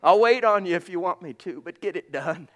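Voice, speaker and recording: A man preaching a sermon with passion, swinging from loud calls to hushed asides. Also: high-pitched, lively intonation, brisk.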